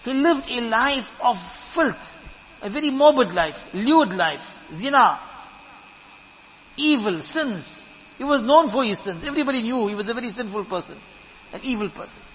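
Man preaching with a really high bright voice, earnest, repeats himself, hall echo and a little hiss. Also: expressive, moderate pace. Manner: earnest, emphatic, repeats words while building a point. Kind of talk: sermon.

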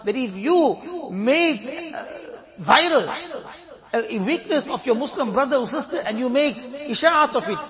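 High-voiced man preaching over a crowd. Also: expressive, unhurried. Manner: emphatic, repeats phrases for weight. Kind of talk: sermon with storytelling. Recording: crowd audible behind.

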